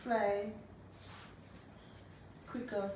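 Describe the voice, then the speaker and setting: A woman jokes and teases her coworkers in a relaxed chat, talking slowly. She sits away from the mic in a very echoey room with faint background hiss. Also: medium pitch, recorded from a distance. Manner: joking, teasing. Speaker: coworker guest. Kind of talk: casual group chat.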